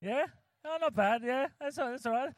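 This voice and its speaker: Aussie pastor guy chatting thru a sermon, lots of uhs and jokes, highish voice, dry close sound. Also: normal speed, no room sound. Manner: chatty, joking, with many fillers and restarts. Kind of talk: casual sermon.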